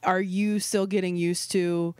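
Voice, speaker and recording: A woman's voice: lowish voice, flat delivery, darkish tone, clear, resonant tone, no echo, studio quality. A woman co-hosting a casual podcast chat, laughing easily and asking questions. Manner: laughs often, quick reactions, chatty. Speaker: co-host.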